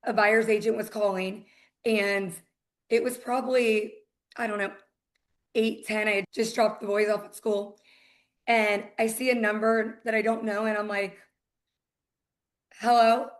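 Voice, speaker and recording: A woman's voice: medium pitch, little pitch movement, normal speed. A woman with a Southern US accent, a title company executive chatting as a podcast guest and telling stories by acting out both sides of past conversations. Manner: chatty storyteller, acts out quoted exchanges. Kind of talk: casual podcast chat.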